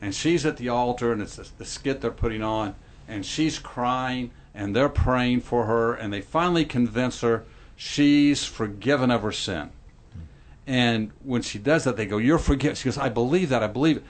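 A man's voice: medium pitch, normal speed. A middle-aged man talks things through in a Christian podcast discussion. He speaks earnestly, like a pastor teaching. Now and then he acts out what someone might say. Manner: earnest, explanatory, acts out quoted lines.

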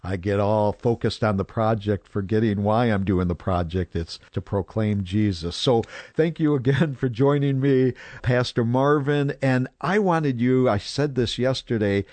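A man's voice: medium pitch, measured pace, hardly any pauses, a little mellow, no room sound. A man hosting a Christian radio talk show, speaking in an earnest, reflective way.

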